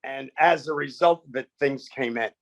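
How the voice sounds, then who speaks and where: A man's voice: mid-range voice, normal speed, creaky, no echo. A man, a comedian guest, telling stories with punchy quoted bits and lots of animation.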